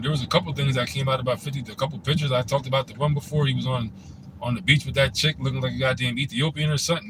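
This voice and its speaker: A man talks through a casual commentary monologue in a relaxed, rambling way, circling back on his points and leaning on conversational filler. His voice sits in an ordinary middle register. A clear layer of background noise, like a running car, runs behind him. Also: mid-range voice, poor audio. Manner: laid-back, rambling, frequent "you know what I'm saying". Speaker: host of a commentary channel.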